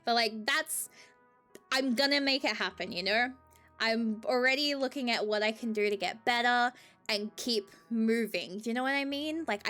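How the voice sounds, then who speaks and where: Australian woman streamer, unhurried casual chat, high bouncy voice, giggly, faint music underneath. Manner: giggly, swears freely, excitable.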